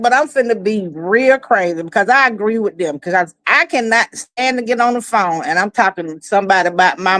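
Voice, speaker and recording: A woman from the American South with a Southern accent, a fast-talking, easygoing guest in a casual chat. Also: medium pitch, fairly bright tone, no room sound.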